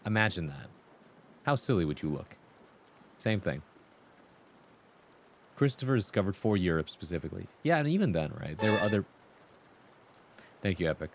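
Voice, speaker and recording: A man's voice: low-pitched, sing-song, normal speed, long pauses, a little hiss or hum. A man hosting a livestream, talking casually to his chat and acting out voices in his stories. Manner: conversational, acts out quoted voices in anecdotes. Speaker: livestream host.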